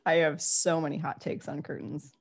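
A woman's voice: low-pitched, very animated, a little slow, breathy edge. A woman who does improv comedy, guesting on a podcast and chatting in a giggly, rambling, self-deprecating way. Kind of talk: casual comedy podcast chat.

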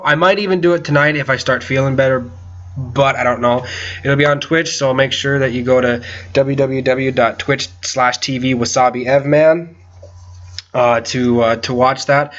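Bright-voiced man swearing through gameplay. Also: medium pitch, highs cut off. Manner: frustrated, swearing, loud outbursts. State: unwell, headache. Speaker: gaming video creator. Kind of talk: casual gameplay commentary.

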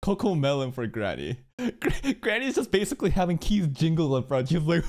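A man's voice: fairly high pitch, fairly quick, slight background noise. A man streaming, reacting to an anime with loose, profane casual commentary. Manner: swears loosely, animated.

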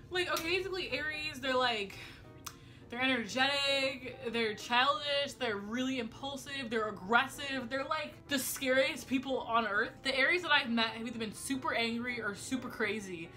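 A young woman chatting fast and rambling to camera at home, swearing often, with a slight speech impediment. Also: sits high, bright, forceful tone, faint music behind. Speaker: vlogger. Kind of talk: casual chat to camera. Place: home room.

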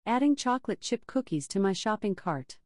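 Woman doing a teasing home-assistant voice, dry delivery, warm low-key tone, close dry mic. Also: very animated, fairly quick, no echo, natural voice. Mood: deadpan. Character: sassy female smart-speaker assistant. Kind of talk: comedy sketch.

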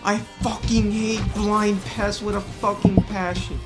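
A woman doing unscripted gameplay commentary, excitable and swearing constantly, panicky and self-mocking, rambling with fillers. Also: medium pitch, measured pace, over loud music. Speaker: gaming YouTuber.

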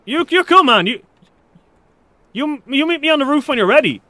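Excitable swearing streamer guy, high voice bouncing all over, bright tone. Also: moderate pace, no room sound. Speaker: streamer playing a survival game. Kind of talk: casual live-stream commentary.

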